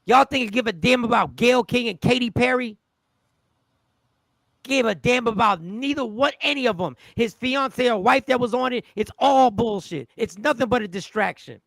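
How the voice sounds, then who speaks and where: A man's voice: extremely high pitch, moderate pace, creaky, fairly bright tone, no echo. A man hosting a live talk show, ranting in a fired-up, preachy way. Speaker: show host.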